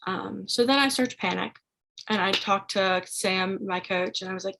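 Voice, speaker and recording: A woman's voice: medium pitch, fairly even intonation, moderate pace, creaky, pushed and bright, a little hiss or hum, poor audio. A young woman telling her story as a podcast guest, chatty and casual, with many fillers. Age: young adult.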